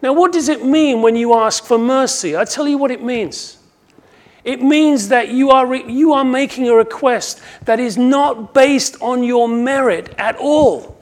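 Gravelly preacher delivering a sermon. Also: male voice, extremely high pitch, unhurried. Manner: swings from hushed to shouting when quoting cries; dramatizes quoted voices.

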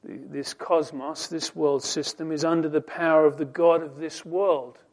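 A man delivers a sermon, quoting scripture slowly and deliberately. His fairly high voice is flat in delivery, yet he swings between soft, dropped phrases and loud, emphatic lines that rise.

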